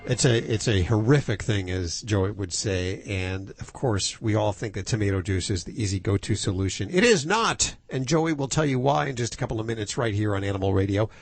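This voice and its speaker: A man's voice: fairly low pitch, lively intonation, a little fast, few pauses, no echo. Upbeat male radio host with music under him. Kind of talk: radio announcements.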